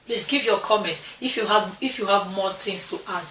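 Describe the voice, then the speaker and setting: A woman's voice: mid-range voice, moderate pace, a bit bright, recorded from a distance, slight background noise. Chatty woman vlogger with a roomy echo. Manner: chatty, repeats herself, restarts phrases. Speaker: vlogger talking to her channel. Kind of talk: casual chat to camera. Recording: roomy echo, a bit off-mic.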